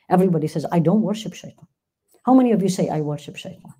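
A woman's voice: lowish voice, lively intonation, fast, mellow, husky. A woman teaching a religious class, emphatic, questioning her listeners and reciting verses. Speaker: Quran teacher.

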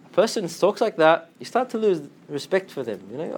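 A man giving an animated Islamic lecture, slipping into Arabic phrases and acting out quotes in a lower voice. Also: a little fast, slight background noise. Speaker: Islamic teacher. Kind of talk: lively lecture to students.

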